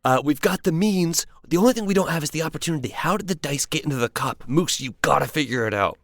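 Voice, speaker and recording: A man's voice: fairly high pitch, animated, fast, dry recording, studio quality. A man playing a tabletop game, talking in an eager, pushy way. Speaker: player.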